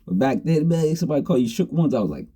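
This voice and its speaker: A middle-aged man spins a story in a relaxed, slangy way, often laughing between lines. His voice is mellow and dark, with a husky edge. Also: mid-range voice, racing. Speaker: storyteller host. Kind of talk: casual storytelling.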